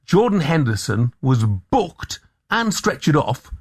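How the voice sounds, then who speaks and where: A man hosting a breakfast radio phone-in, brisk and good-humoured as he takes calls. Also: a little high, sing-song, husky. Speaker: radio host.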